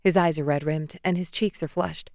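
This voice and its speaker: A young woman narrates a first-person romance audiobook with wry, lively storytelling. Her voice is smooth and a little low. It is recorded close on a dry studio mic. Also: normal speed, dry recording. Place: studio booth.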